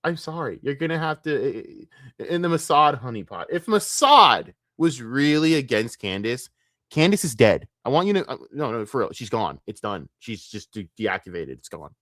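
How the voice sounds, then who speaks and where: A man streaming, reacting to clips with profane, mocking rants, swinging between loud outbursts and low muttering. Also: very animated, normal speed, no echo, studio quality. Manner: shifts between shouting and muttering.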